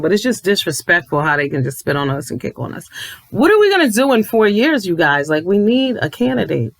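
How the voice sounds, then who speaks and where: A man's voice: high voice, lively intonation, a little fast, fairly bright tone, dry recording, low-quality recording. A man ranting to viewers from home late at night, emphatic and preachy, cursing and repeating himself for effect. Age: adult with a child. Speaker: commentary vlogger.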